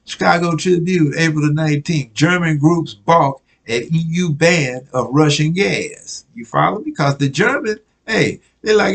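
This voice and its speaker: A man's voice: on the high side, a little slow, vocal fry, few pauses, a bit bright, poor audio. A man preaching a casual sermon, reading news clippings aloud and often asking if listeners follow him. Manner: conversational, keeps asking "you follow me?"; repeats himself, restarts words.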